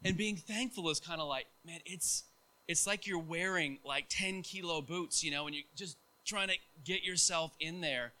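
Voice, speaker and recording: A middle-aged man preaching a sermon, telling a personal story in a casual, animated way with many fillers and restarts. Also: on the high side, moderate pace.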